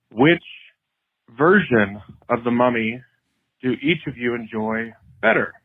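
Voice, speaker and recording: A man's voice: mid-range voice, lively intonation, takes it slowly, breathy edge, no echo. Male caller from Colorado, mid voice, thin phone-line quality, upbeat and chatty. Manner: friendly, upbeat, fillers like "um". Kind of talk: casual voicemail message.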